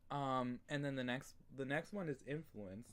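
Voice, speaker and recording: Relaxed young man tutoring English. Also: medium pitch. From New York State, USA. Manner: relaxed, many fillers and throat clearing. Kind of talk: casual online lesson.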